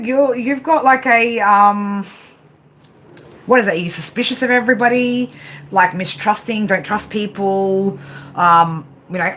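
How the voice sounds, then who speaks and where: A woman's voice: medium pitch, a bit bright. A woman giving live tarot readings, blunt and rambling, swearing heavily and tagging her lines with "right?". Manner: blunt tough-love talk with heavy swearing; rambling, with constant "right?" tags. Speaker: tarot card reader.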